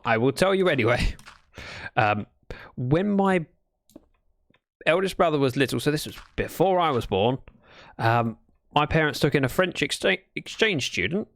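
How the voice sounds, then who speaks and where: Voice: medium pitch, a bit bright, no room sound. A livestreamer chatting casually and playfully, telling little stories while playing. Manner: chatty, playful, storytelling asides. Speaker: Minecraft livestreamer. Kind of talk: casual gaming livestream chat.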